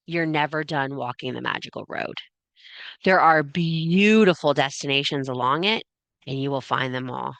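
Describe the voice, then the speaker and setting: A woman teaches a spiritual class in a forceful, lowish voice, talking casually and swearing freely. She drives her points home by repeating phrases, and the recording is close and dry. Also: no echo. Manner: casual, blunt and frequently profane; emphatic, repeats phrases for effect.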